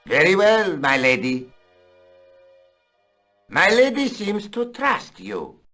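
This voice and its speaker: A suspicious, loyal Spanish servant in a video game. He speaks curtly and slowly in a bright, slightly high voice that rises and falls a lot, with faint music behind. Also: huge pitch swings, full character voice. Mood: wary. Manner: curt and wary.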